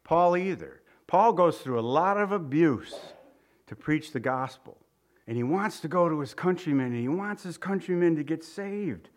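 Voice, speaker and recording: A man's voice: fairly high pitch, animated, moderate pace. A middle-aged man preaching a verse-by-verse sermon in an earnest, emphatic way, with personal asides. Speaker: pastor.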